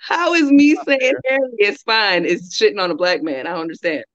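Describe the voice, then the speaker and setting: A woman's voice: mid-range voice, sing-song, fairly quick, no echo, dull audio. A woman co-hosting a comedy podcast, blunt and emphatic in casual banter. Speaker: podcast co-host.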